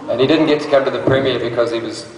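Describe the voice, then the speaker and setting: A man's voice: mid-range voice, steady tone, very fast. Chatty man on a panel, echoey hall. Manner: chatty, laughs as he explains. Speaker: actor on a convention panel. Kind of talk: anecdote and explanation to an audience. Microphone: phone recording from the audience. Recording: echoey hall from far off, faint noise.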